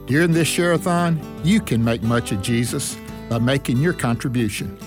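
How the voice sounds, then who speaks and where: A man co-hosting a radio show, reading a scripted promo in an earnest, measured way. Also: medium pitch. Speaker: radio co-host. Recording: promo with guitar music behind. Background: guitar music.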